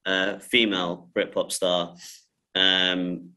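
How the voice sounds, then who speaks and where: Bright-voiced male director. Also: low-pitched, takes it slowly, poor audio. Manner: animated storytelling, laughs often, repeats words. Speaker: film director. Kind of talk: casual interview talk.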